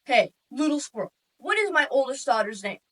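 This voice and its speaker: A woman playing an excitable, eccentric bohemian father who booms and drops into theatrical whispers, recorded from a distance. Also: normal speed, exaggerated voice. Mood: booming excited. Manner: booming, theatrical, secretive whispers.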